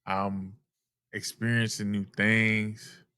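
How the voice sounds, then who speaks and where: A man's voice: on the low side, flat delivery, slow pace, sharp tone, clear, resonant tone, no echo, studio quality. A man in his forties telling stories in an easygoing, casual way as a podcast co-host, calling his friend bro. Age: 40s. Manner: easygoing storyteller, calls friend bro and dog. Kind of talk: casual chat.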